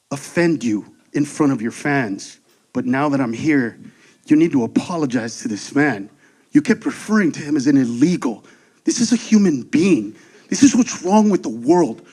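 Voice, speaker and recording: A man's voice: medium pitch, expressive, normal speed, darkish tone, pitched below the performer's own voice, close to an everyday voice. A comedian voicing a sanctimonious man who lectures him after the show. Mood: preachy. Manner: preachy, indignant. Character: sanctimonious, lecturing male audience member.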